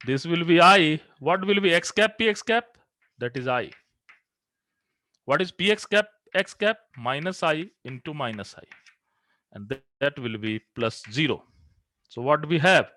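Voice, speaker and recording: A man with a mid-range, pushed and bright voice lectures on physics in a classroom, recorded dry. He works equations out step by step, tossing questions at the class and then supplying the answers himself.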